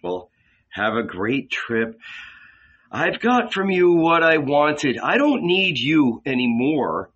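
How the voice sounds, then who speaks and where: A man voicing a calm, compassionate male prophet in measured speech. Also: a little high, highs cut off, exaggerated voice.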